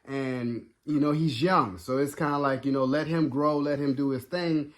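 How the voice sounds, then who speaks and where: A man's voice: mid-range voice, steady tone, normal speed. A man giving a casual, rambling spoken review, full of fillers and restarts. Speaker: video reviewer.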